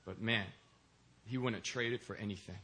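A man's voice: on the low side, steady tone, normal speed, pushed and bright. A young man, a deacon, preaching a sermon in a church and telling stories with acted-out voices. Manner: storytelling, acts out quoted voices. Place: church in Korea.

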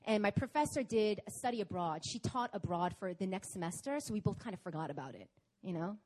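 A young woman preaching at a prayer meeting, telling a personal story in an animated, chatty way. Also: mid-range voice, fairly quick, a little hiss or hum. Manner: animated, chatty storytelling with laughs and acted-out quotes. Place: church meeting hall in Korea.

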